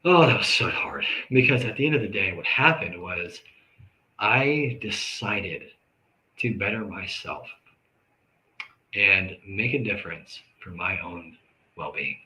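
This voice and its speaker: Host, male, bright ringing low-ish voice, candid heartfelt talk with sudden loud bursts. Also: lively intonation, poor audio. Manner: earnest, conversational, with sudden loud outbursts and quick asides. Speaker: live show host. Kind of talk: candid talk to camera about grief and forgiveness.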